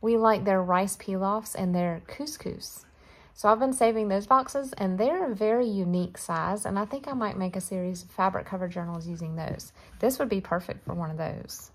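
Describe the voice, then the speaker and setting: A crafting vlogger talks straight to the camera in a casual show-and-tell, gushing over fabric she received. She speaks at normal speed in a mid-range voice.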